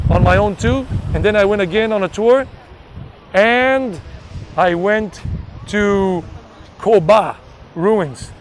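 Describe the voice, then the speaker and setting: A man's voice: high-pitched, noisy background. A man in his forties with a mixed Southern and New York American accent, chatting casually and rambling on a live travel stream from outdoors near a beach. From United States. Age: 40s. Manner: chatty, rambling, self-promoting. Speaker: travel vlogger.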